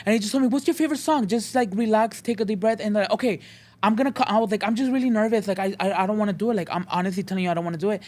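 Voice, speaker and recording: A young man guesting on a podcast, telling a story with lively impressions of other people and slipping Spanish words into his English. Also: high-pitched, racing. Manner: animated storytelling, acting out other people's voices. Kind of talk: casual chat.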